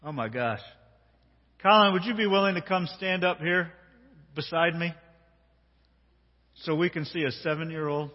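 A male pastor with a slightly husky, fairly high voice tells a story to his congregation in an animated way. The recording sounds dull and carries a long church-hall reverb. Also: moderate pace, pauses often. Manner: animated, talks directly to a child and congregation. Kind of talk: sermon with children's story. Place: church sanctuary.

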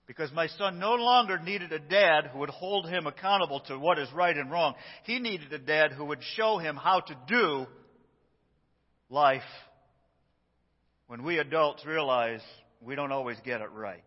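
A man's voice: on the high side, expressive, moderate pace. A middle-aged man preaching a sermon as pastor, telling stories, acting out quotes and chuckling as he goes. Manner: storytelling, acts out quotes, chuckles often. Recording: dull sound with long church reverb.

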